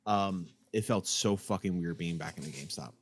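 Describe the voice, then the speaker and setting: A man telling stories in a relaxed, dry way, cursing freely. His voice sits a bit low. His delivery stays easygoing. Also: moderate pace. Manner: laid-back, sweary, dry. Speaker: podcast co-host, former game store worker. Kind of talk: casual chat, storytelling.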